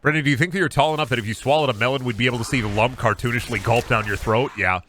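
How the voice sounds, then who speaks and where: A man's voice: mid-range voice, fairly even intonation, very fast, a bit bright, a little hiss or hum. A man streaming a game, joking and swearing as he plays and answers chat, often laughing in exasperation. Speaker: gaming streamer. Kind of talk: livestream commentary while playing and reading chat.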